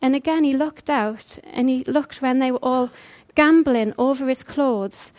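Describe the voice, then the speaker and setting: A woman's voice: high-pitched, unhurried, hardly any pauses, darkish tone. A woman preaching a conversational sermon, earnest and full of rhetorical questions.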